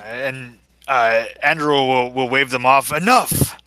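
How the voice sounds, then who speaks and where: A man's voice: medium pitch, steady tone, takes it slowly, pushed and bright, slight background noise. A man eagerly describing his character's actions in a tabletop role-playing game, often correcting himself as he goes. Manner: eager, rambling, self-correcting. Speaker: player.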